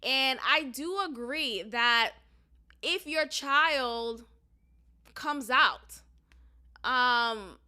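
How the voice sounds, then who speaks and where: High-pitched woman ranting on her podcast, blunt and chatty, lots of likes. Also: expressive, very slow, long pauses, bright, forceful tone. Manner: candid and outspoken, frequent "like" fillers. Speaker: podcast host; teacher. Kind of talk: casual opinion monologue.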